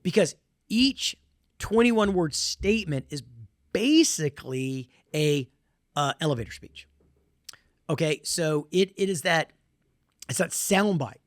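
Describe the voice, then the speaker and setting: A man's voice: a little high, expressive, unhurried, long pauses, no room sound, clean studio sound. Emphatic Southern man giving a talk. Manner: emphatic, repetitive, folksy asides. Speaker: presenter. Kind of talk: conference presentation.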